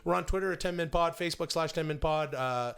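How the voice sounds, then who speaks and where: Teasing, gravelly podcast co-host man. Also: a little high, quick pace, fairly bright tone. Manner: teasing, blustery bravado. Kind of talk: casual comedic banter.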